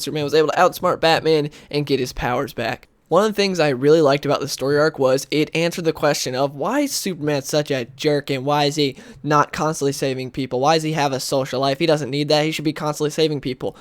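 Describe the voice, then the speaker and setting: A man's voice: fairly high pitch, dry recording. A man hosting a comic book video, recapping a story in a loose, rambling way, full of "like" and "uh" and brief acted-out quotes. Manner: rambling, lots of "like" and "uh"; briefly acts out characters' lines. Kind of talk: casual spoken story recap.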